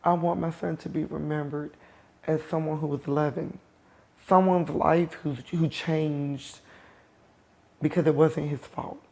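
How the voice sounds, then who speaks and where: A middle-aged woman, a show host, gives a personal testimony in an emotional, halting way, with pauses and restarts. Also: low-pitched, fairly even intonation, vocal fry, darkish tone. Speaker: host telling her own story.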